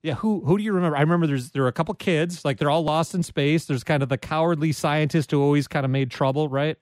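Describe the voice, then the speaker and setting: A man's voice: on the high side, quick pace, darkish tone, dry recording. A man hosting a live call-in radio show, chatting in a friendly, self-deprecating way with callers. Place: radio studio. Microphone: studio microphone.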